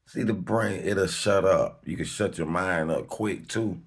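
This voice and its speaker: A man hosts his own video with an unscripted monologue to camera, slangy, emphatic and rambling, swearing freely and laughing between points, with sudden high-pitched outbursts. His husky voice keeps a measured pace with hardly any pauses.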